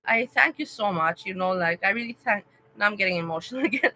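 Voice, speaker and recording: Bright-voiced woman chatting on a livestream. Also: medium pitch, lively intonation, fast talker, slight background noise, low-quality recording. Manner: emotional, rambling, addresses chat viewers by name. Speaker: livestream host chatting with viewers. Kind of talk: casual live-stream chat.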